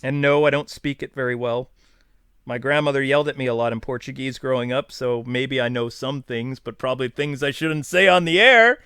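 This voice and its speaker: A man's voice: medium pitch, brisk, pushed and bright, clean tone, dry recording, studio quality. A man in his thirties from New York, hosting a casual live stream and chatting in a rambling, self-deprecating, jokey way. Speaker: streamer host.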